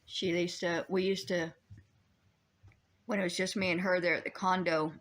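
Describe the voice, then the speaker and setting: Woman reaction streamer, chatty and reflective, a bit low-pitched. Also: little pitch movement, moderate pace, a bit bright. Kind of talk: casual reaction commentary.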